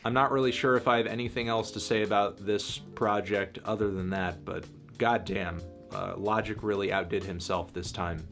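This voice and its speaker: A man's voice: lowish voice, steady tone, moderate pace, fairly bright tone. Dry, sarcastic male music critic. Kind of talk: review commentary.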